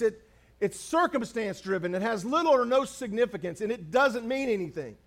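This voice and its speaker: Pastor, male, high-set voice, chatty humorous preaching with repeated lines. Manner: conversational preaching, humorous asides, repeats phrases for emphasis. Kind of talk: sermon.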